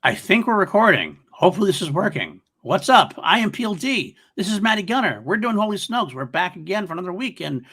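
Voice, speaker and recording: Male podcast co-host, bright and punchy tone, casual and rambly, quick to laugh, remote call recording. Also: high voice, very animated, breathy edge. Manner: chatty, laughs often, rambling asides. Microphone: remote recording over an online studio.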